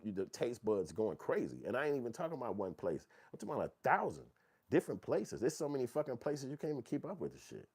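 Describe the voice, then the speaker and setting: A middle-aged man talks through casual commentary in a low voice that swings up and down a lot. He tells profane stories with a lively delivery and reads viewer comments. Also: slightly rough. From Chicago. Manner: profane, animated storytelling, acts out quotes in a high voice. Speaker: channel host.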